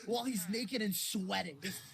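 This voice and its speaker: A young adult co-hosting a casual podcast, telling stories in a lively way and acting out what others said. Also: medium pitch, moderate pace, gravelly, crowd noise. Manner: lively storytelling, acts out others' lines. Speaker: podcast co-host. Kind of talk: casual chat.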